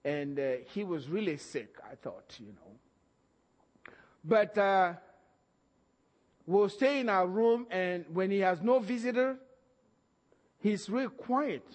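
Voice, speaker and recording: A high-voiced man preaching a sermon, telling his stories with animated energy and frequent laughter. His voice carries a long reverb, as in a large hall. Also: takes it slowly, pauses often. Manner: animated storytelling, laughs often, acts out voices. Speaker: pastor.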